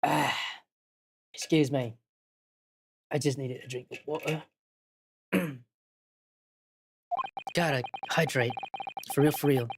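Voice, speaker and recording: A woman's voice: sits low, slow pace, long pauses, noisy background. A woman streamer playing a game, reading lines aloud and joking around in a playful, giggly way. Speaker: vtuber streamer. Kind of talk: let's play reading game dialogue. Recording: background music playing. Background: game music.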